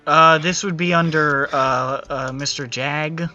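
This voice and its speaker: Brief: man voicing a jumpy young guard, stammering, Irish lilt, very bright tone, dull lo-fi sound. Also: fairly high pitch, fairly even intonation, takes it slowly, soft background music, exaggerated voice. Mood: nervous. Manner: hesitant, stammering. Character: skittish young male guard soldier.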